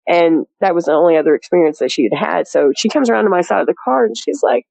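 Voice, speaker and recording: Laughing and saying "you know" again and again, a rural woman chats her way through her account of a sighting as a guest. She talks fast in a low, creaky, darkish voice, with no echo and poor audio quality.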